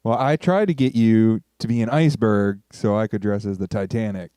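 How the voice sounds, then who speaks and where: A man co-hosting a live stream, joking quietly and offhand. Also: fairly low pitch, fairly quick, smooth, no echo. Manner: quiet, dry, offhand jokes. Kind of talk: casual banter.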